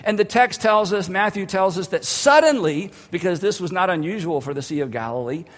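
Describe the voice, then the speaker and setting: A man preaching a vivid, conversational sermon with dramatic pauses, retelling a story for his congregation. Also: high voice, lively intonation. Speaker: pastor. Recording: long hall reverb.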